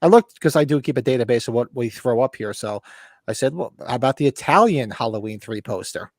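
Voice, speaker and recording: A man's voice: medium pitch, expressive, fairly quick, darkish tone, dry recording, studio quality. A man co-hosting a casual live podcast, telling rambling, profane stories about his collection. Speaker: podcast co-host. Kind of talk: casual chat.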